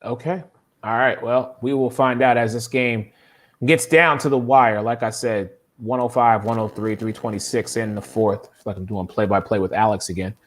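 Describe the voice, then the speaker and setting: A man hosting a live sports talk show, animated and exclamatory, passing questions around a panel of guests. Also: mid-range voice, normal speed. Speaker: podcast host.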